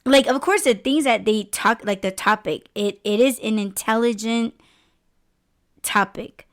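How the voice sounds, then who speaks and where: A woman's voice: fairly high pitch, unhurried. A woman hosting a podcast, chatting candidly and expressively, swearing freely as she rambles. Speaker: podcast host. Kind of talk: casual podcast chat.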